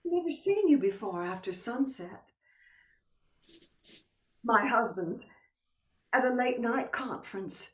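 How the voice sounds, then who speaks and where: A woman's voice: a little high, animated, slow, long pauses, a bit bright. A woman playing a coquettish married woman in a stage play, teasing and dropping to whispers. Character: coy married woman playing a seductive game. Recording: echoey room, from a distance.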